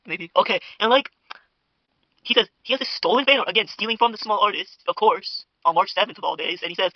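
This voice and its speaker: Speaking fast in a high voice, a young man hosts a parody drama-commentary show, rambling with gossipy mock outrage, plenty of fillers, and asides to viewers. He's recorded at a home dinner table through a podcast mic, with lo-fi, dry audio lacking room sound.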